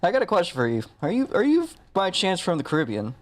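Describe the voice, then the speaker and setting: A man's voice: high voice, wildly swooping pitch, quick pace. A man hosting a racing stream who interviews drivers in a joking, offhand way. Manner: joking, offhand, loose questions. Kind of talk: casual live-stream interview.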